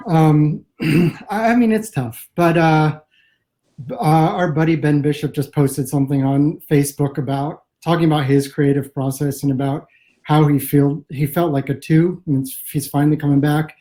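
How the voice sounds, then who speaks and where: A man's voice: a little high, fairly even intonation, moderate pace, mellow, poor audio. A man from the American Midwest, a comic writer as an interview guest, talking over a video call in a thoughtful, rambling way. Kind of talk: casual interview chat.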